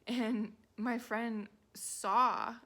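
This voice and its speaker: A woman's voice: on the high side, steady tone, extremely slow. Chatty woman in her twenties. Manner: rambling, heavy use of "like", quiet muttered asides. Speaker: book vlogger. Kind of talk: casual chat.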